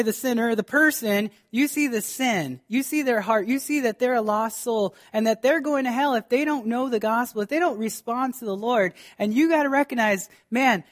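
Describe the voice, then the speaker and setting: A man preaching a sermon as pastor, speaking fervently and directly to his congregation, often restarting his sentences. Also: extremely high pitch.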